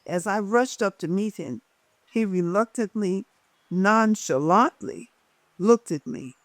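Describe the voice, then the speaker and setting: A woman reading her own memoir aloud as a lively storyteller who changes her voice for the people in it. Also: mid-range voice, takes it slowly, no echo.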